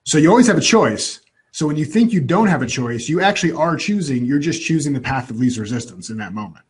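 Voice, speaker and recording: Male guest, husky tone, animated storyteller, restarts a lot. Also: a little high, fast talker. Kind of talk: personal storytelling in an interview.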